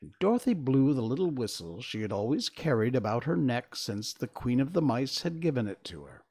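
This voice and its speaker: A man reading a storybook aloud as a stream host, in an unhurried, expressive manner. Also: mid-range voice, husky. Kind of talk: storybook narration.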